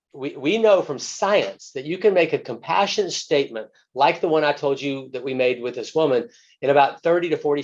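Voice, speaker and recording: Earnest man telling a story. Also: on the high side. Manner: earnest, plain-spoken storytelling. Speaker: physician guest, author. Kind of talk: telling a story from his work. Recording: muffled, lo-fi webinar audio.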